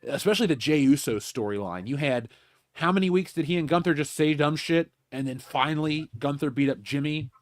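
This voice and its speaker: A man co-hosting a podcast, making animated, mocking complaints in casual chat. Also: a little high, brisk, no echo, clean studio sound. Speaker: podcast co-host.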